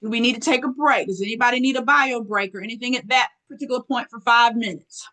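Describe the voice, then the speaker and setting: A woman presenter running a live online workshop, lively and folksy, often clearing her throat as she talks to her audience. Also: on the high side, fast, poor audio. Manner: lively, folksy, calls audience girl and y'all.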